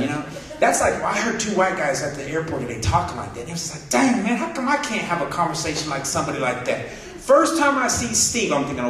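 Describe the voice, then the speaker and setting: This male stand-up comic talks fast in a high, lively voice, spinning animated stories and doing impressions of other people. The sound comes from a distance in an echoey hall, where the crowd can be heard laughing.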